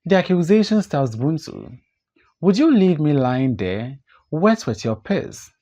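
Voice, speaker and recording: A man plays a desperate grown man in an audiobook drama. He pleads and protests with wide swings of pitch. His delivery is slow and weighted. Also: sing-song, dark tone, lo-fi sound, heavily acted. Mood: anguished. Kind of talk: audiobook play reading.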